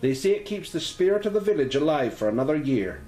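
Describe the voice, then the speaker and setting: A man's voice: on the high side, sing-song, quick pace, dark tone, reverberant, pitched above the performer's own voice. Man doing a lilting village landlady. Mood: chatty. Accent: Scottish-sounding put-on lilt. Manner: chatty, lilting, homely. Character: kindly village landlady, warm but guarded.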